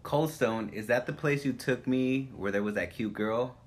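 A man's voice: mid-range voice, normal speed. A man co-hosting a podcast, teasing his friend with probing questions. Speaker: podcast co-host. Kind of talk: casual chat.

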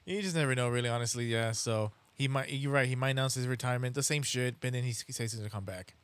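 A man's voice: mid-range voice, quick pace, clean tone, no echo. A man co-hosting a boxing podcast, chatting casually, agreeing often and speaking in loose, rambling phrases. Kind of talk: casual chat.

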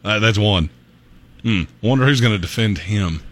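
A man's voice: on the low side, normal speed. A man hosting a casual sports talk show, joking and laughing as he talks. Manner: jokey, animated, laughs often. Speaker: sports radio host.

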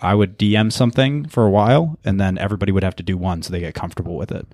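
A man's voice: sits low, racing, a little mellow, no echo, clean studio sound. A man hosting a podcast in a laid-back, casual chat and swearing freely. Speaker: podcast host.

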